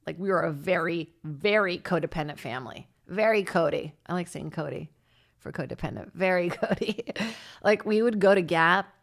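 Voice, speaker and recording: A woman's voice: brisk, gravelly. A woman in her thirties hosting her own podcast, telling rambling self-deprecating stories in a casual comedy monologue. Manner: rambling, self-deprecating, breaks into laughter, lively jumps in pitch. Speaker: podcast host and stand-up comic.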